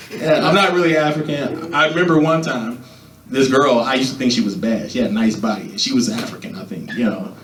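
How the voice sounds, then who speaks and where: A young man doing stand-up at an open mic, talking loosely and animatedly and jumping into high squeaky voices when he quotes people. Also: a bit bright. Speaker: stand-up comedian. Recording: echoey room, mic from a distance.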